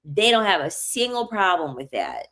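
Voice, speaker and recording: Young woman vlogger, lower-pitched but bright, animated and chatty. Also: moderate pace. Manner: animated, repeats herself, laughs often. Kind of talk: casual storytelling monologue.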